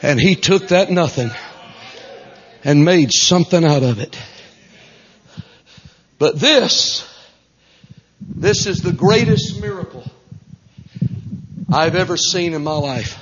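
A man, a traveling Pentecostal preacher telling stories in a fiery revival sermon, fervent and breaking into shouts and whoops. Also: on the high side, slow, long pauses, long reverb tail, a little hiss or hum. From South Arkansas. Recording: dull lo-fi recording.

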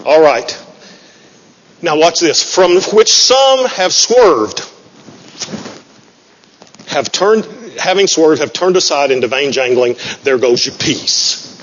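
A man preaches in a folksy, joking way, running a little high and husky. His voice rings out with a long hall reverb, and the recording is muffled. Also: slow, long pauses, a bit bright. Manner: folksy, joking, self-deprecating. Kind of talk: sermon. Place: church sanctuary.

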